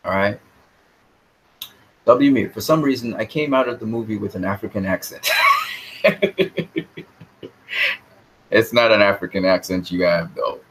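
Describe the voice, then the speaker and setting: A man's voice: on the low side, unhurried, long pauses, a bit bright, slight background noise, low-quality recording. A man talking casually with his live chat about movies. He speaks in a rambling, opinionated way and often repeats words as he thinks. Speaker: live stream host answering chat.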